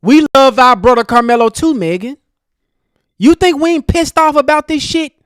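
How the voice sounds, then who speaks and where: A man's voice: very high-pitched, expressive, moderate pace, a bit bright, dry recording, studio quality. A man hosting a commentary show, ranting angrily and addressing the person in a news clip directly. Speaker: commentary host. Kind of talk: heated commentary monologue.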